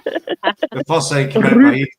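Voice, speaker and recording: A man's voice: on the high side, sing-song, normal speed, crowd noise. A man with a Scottish accent hosting a casual podcast chat, rambling and self-deprecating, often restarting his sentences. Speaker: podcast host. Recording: echoey room.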